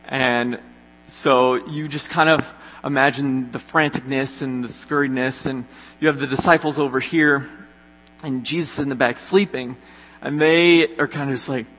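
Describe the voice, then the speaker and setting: Young male youth pastor, earnest and chatty, bright voice, hall reverb. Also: mid-range voice, fairly even intonation, normal speed. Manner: earnest, conversational, many fillers. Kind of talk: sermon. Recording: echoey hall with long reverb.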